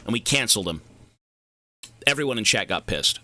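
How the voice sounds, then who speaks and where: A man's voice: fairly low pitch, animated, a little fast, background noise. A young man streaming a game, chatting casually in long, profane, rambling tangents. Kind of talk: casual livestream chat.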